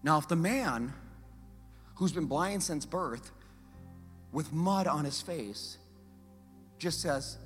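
Man, pastor, sermon, high voice, faint music underneath, rhetorical questions, loud-to-hushed swings. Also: slow pace, pauses often, long reverb tail. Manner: animated storytelling, swinging from loud urgency to hushed emphasis; conversational, with rhetorical questions to the audience.

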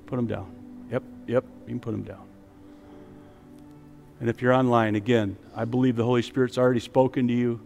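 Preaching pastor in a reverberant hall. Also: male voice, medium pitch, level tone, fairly quick, vocal fry, faint music behind. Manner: rising to emphatic preaching, dropping to soft prayer. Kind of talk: sermon with altar call. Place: church sanctuary with online stream.

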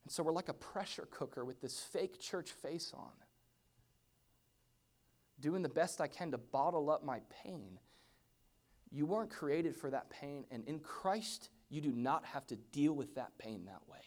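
A man's voice: fairly high pitch, animated, a little slow. Man preaching with dramatic swings. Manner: dynamic, swinging from hushed whispers to loud exclamations. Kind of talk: sermon.

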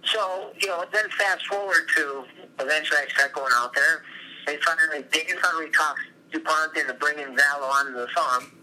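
A middle-aged former wrestler and coach, talking from his office, telling long, animated stories as an interview guest. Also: on the high side, moderate pace, slight background noise, poor audio. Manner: rambling, animated storytelling.

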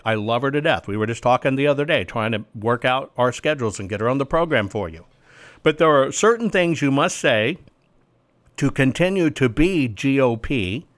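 A man hosting his own political commentary show, talking emphatically and sarcastically and addressing viewers as folks. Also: medium pitch. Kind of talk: opinionated commentary monologue.

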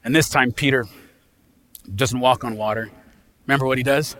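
A pastor delivering an impassioned sermon in a folksy, casual way, swinging from loud emphasis to hushed quiet. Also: male voice, medium pitch, fairly even intonation, moderate pace.

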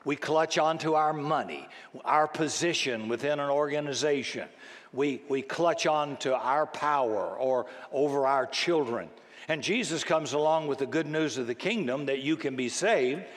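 A man's voice: a little high, normal speed. An older man and grandfather preaching a conversational, self-deprecating sermon who acts out the voices in his stories. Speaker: pastor. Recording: long hall reverb.

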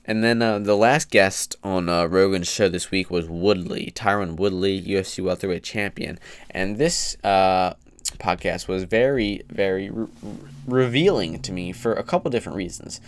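A man's voice: low voice, normal speed, smooth, no room sound. A man giving opinionated, rambling casual commentary on a podcast, getting heated at times.

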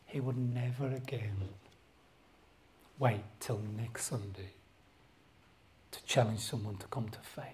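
A man preaching a sermon as a pastor, impassioned and swinging from loud outbursts to hushed whispers. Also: medium pitch, slow pace, long pauses, poor audio.

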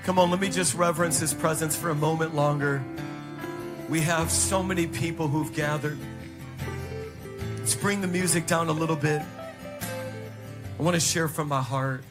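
A man preaching a sermon as a church's lead pastor, impassioned, at times dropping to a hushed voice. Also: fairly high pitch. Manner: impassioned preaching, drops to a hush when quoting God. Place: large church stage.

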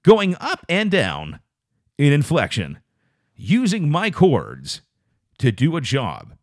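A man's voice: huge pitch swings, slow, dry recording, studio quality. A man hosting a solo podcast, chatting with live viewers in an exaggerated radio-announcer voice and rambling through stammered restarts. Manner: exaggerated radio-announcer delivery, lots of pitch swoops. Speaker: podcast host.

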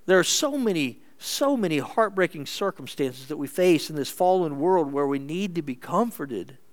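A man preaching a sermon as pastor, earnest and measured, moving between emphatic lines and hushed ones. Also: fairly high pitch, animated.

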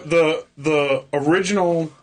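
A man's voice: a little high, slow pace. A man with a Queens accent chatting casually in a tattoo shop, rambling with stammers and restarts. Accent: Queens, New York. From Queens, New York. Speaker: podcast host as guest. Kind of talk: casual chat. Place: tattoo shop after hours.

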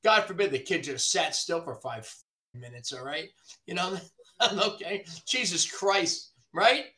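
Man, high pitch, bright edge, profane, animated rant, podcast guest. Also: a little slow. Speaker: body shop owner, podcast guest. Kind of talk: casual podcast chat.

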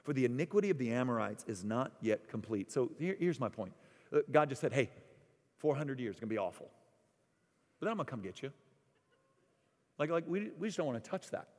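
A middle-aged male preacher delivers an animated sermon at a mid-range pitch. His voice swings between loud, excited bursts and quiet, hushed passages. The sound carries a long reverb from a large hall. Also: a little fast, long pauses.

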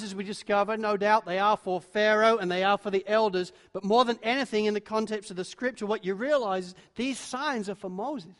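A man preaching a sermon, acting out the voices of biblical figures, dropping to a hush and then building to loud, dramatic peaks. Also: high voice. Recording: long hall reverb.

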